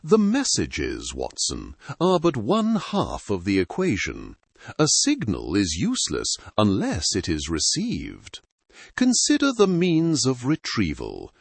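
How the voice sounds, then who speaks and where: A cool, sharp-minded detective, read by a man in an audiobook, laying out deductions in clipped pronouncements. The voice sits low and swoops widely up and down, slow and a little husky. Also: wildly swooping pitch, dry recording, full character voice. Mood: intent. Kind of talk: audiobook reading.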